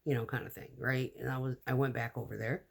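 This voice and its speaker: A woman telling a personal story in a casual storytime vlog, animated and blunt, acting out the lines of the people in it. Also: extremely low pitch, quick pace, gravelly, husky. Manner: animated, acts out quoted dialogue.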